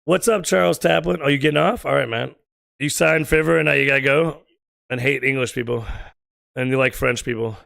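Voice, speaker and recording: An American man streaming a game and chatting casually with his viewers, joking, teasing and firing off quick questions. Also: mid-range voice, gravelly, fairly bright tone, dry recording, studio quality. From United States. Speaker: gaming streamer.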